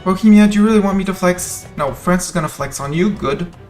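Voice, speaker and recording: A man's voice: sits high, a little fast, darkish tone, faint music behind. A man giving casual live commentary on a strategy game he is streaming, thinking aloud and playfully talking to the nations on his map.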